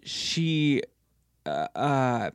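A man hosting a casual chat, relaxed and asking short questions. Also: medium pitch, very slow, clear, resonant tone, dry recording, studio quality. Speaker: podcast host.

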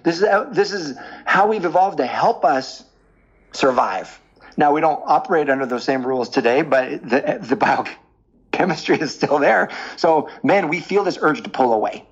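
A man being interviewed as a dating coach, explaining with lively stories and examples. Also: a little high, moderate pace, husky, highs cut off. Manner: animated storyteller, explains with examples. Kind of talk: podcast interview.

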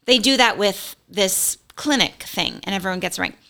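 A woman's voice: mid-range voice, moderate pace, vocal fry, sharp tone. A middle-aged woman co-hosting a casual chat, telling stories in a chatty way full of likes. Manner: chatty storytelling with many likes. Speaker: podcast co-host.

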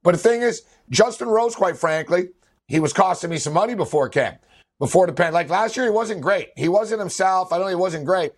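A man co-hosting a casual sports talk show, with a slightly raised pitch. He rambles through his points, leaning on fillers and laughing often. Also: expressive, fairly quick, breathy edge. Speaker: sports podcast co-host.

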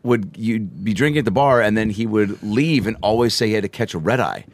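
A low-voiced man hosts a loose, joking conversation, spinning stories with playful asides. The sound is close and dry, with no room around it. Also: animated, fairly quick, no echo. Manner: storytelling, playful voice impressions. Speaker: podcast host. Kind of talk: casual chat.

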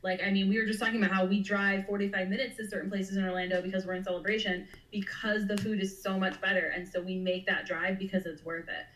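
A woman's voice: mid-range voice, flat delivery, fast, hardly any pauses, a bit bright, reverberant, recorded from a distance, a little hiss or hum, low-quality recording. Chatty woman co-host, full of fillers. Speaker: podcast co-host. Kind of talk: casual podcast chat.

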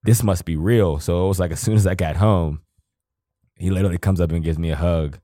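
A man with a very low, deep voice speaks casually and from the heart, rambling through his thoughts and swearing freely. The sound is dry and close, with no room echo. He is in his thirties and co-hosting a podcast. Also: fairly even intonation, quick pace, mellow. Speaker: podcast co-host. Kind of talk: casual emotional conversation.

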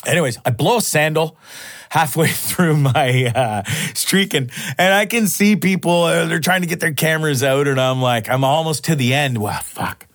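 A man's voice: fairly high pitch, moderate pace, fairly bright tone, no room sound, clean studio sound. A man hosting his own podcast, telling a story in a rambling way and swearing casually. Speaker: podcast host.

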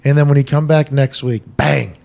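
A man's voice: mid-range voice, moderate pace, creaky. A man hosting a sports talk show in casual, joking chat. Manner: joking, animated, hamming it up.

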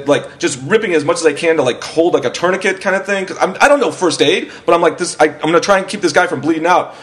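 A man guesting on a podcast, telling a wild story in a rambling, profane way and often laughing through it. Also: a little high. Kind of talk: casual storytelling.

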